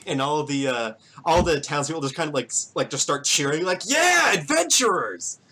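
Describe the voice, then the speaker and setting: A man's voice: a little high, fairly quick, fairly bright tone, rough recording. A man narrating a tabletop game as game master, in a loose, rambling way with lots of fillers.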